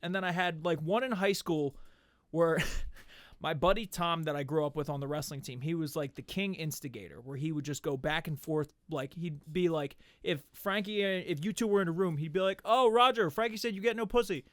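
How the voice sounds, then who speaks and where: A man guesting on a casual podcast, telling stories with lively swearing and acting out other people's lines. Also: fairly high pitch, normal speed, dry recording. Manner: animated storyteller who acts out what others said; swears freely. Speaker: podcast guest, MMA striking coach and fighter. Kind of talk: casual podcast chat, storytelling.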